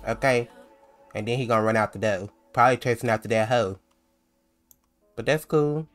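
Brief: slangy, chatty male let's-player, middle pitch, soft background music. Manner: chatty, slangy, laughs easily. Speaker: let's play host. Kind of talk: casual game commentary.

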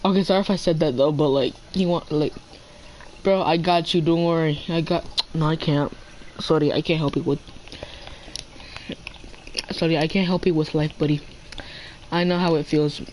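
A man's voice: fairly high pitch, steady tone, moderate pace, long pauses, a little mellow, low-quality recording. Teen boy, gamer, playful casual chat, faint background noise. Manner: playful, chatty, talks to game animals.

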